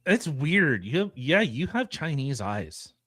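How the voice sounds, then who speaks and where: A man's voice: on the high side, sing-song, a little slow, fairly bright tone, husky, no echo, studio quality. A man co-hosting a podcast, trading crude jokes and laughing often in casual banter. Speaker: podcast co-host.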